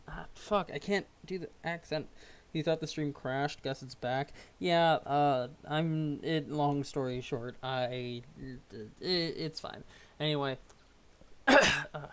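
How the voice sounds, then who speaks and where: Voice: mid-range voice, slow pace, smooth. A young adult streamer rambling at home while reading a webcomic live. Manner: rambling, self-deprecating. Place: at home, under a blanket.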